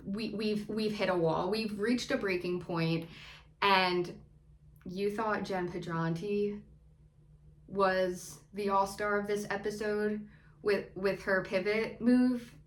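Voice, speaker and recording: A woman's voice: medium pitch, takes it slowly. A woman hosting a casual, hyped reality TV recap on her channel, chatty and playful, cheering people on. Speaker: YouTube recap host. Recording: echoey room.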